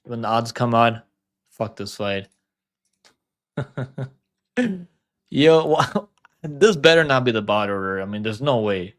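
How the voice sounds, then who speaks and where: A young man hosting a livestream, casually talking through fight picks, cursing often and second-guessing himself out loud. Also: mid-range voice, expressive, slow pace, long pauses. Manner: rambling, profane, second-guesses himself aloud. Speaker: MMA livestream host.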